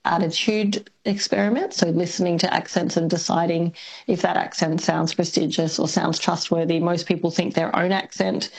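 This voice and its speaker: A woman academic is a guest on a radio talk show, explaining her field in a thoughtful, measured way. Her voice is low, husky and creaky, with a fairly flat melody. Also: low-quality recording. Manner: thoughtful and explanatory, with soft laughs and fillers. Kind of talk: radio interview.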